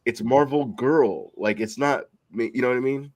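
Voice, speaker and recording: A man's voice: medium pitch, moderate pace, a little mellow. A man co-hosting a casual podcast, ranting with frequent swearing. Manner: profane, opinionated ranting. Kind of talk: casual chat.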